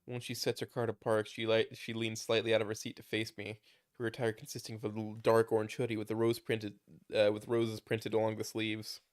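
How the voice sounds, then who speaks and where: A man's voice: fairly low pitch, monotone, brisk. A man casually reading a fan story aloud, with small stumbles and restarts as he goes. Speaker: story narrator.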